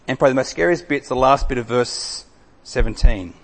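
A man preaching a sermon, reading scripture with dramatic emphasis, swinging from loud, raised lines to hushed, slow drops. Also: medium pitch, lively intonation. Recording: long hall reverb.

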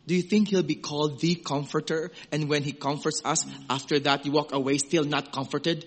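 A pastor preaches in a conversational, animated style, swinging from loud exclamations to hushed, gentle passages and acting out little quoted voices. His voice is a little high, at a normal speed with few pauses.

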